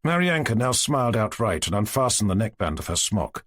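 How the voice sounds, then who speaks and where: A man narrating a classic novel as an audiobook in an expressive storytelling manner. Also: lowish voice, a little fast, no room sound, clean studio sound. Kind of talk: scripted narration.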